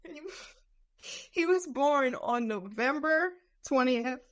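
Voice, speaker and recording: A woman's voice: high voice, lively intonation, takes it slowly, a bit bright, no room sound. A woman co-hosting a podcast, chatting casually and acting out what people said. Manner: wry, acts out quoted people. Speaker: podcast co-host. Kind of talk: casual chat, reading out a biography.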